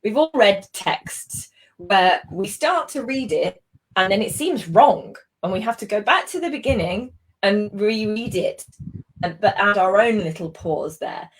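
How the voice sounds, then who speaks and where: British lady tutoring ielts writing, patient, lots of ums and you knows, mid-pitched. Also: animated, a little slow, husky. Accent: British English. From Britain. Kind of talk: live online tutoring session.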